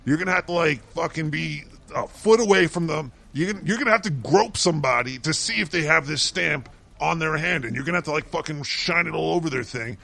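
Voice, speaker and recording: Brief: male co-host, raised pitch, very gravelly, swears through a mocking rant. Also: fairly quick, sharp tone. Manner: ranting, swears constantly, mocking. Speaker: co-host doing a segment. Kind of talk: profane comedic rant.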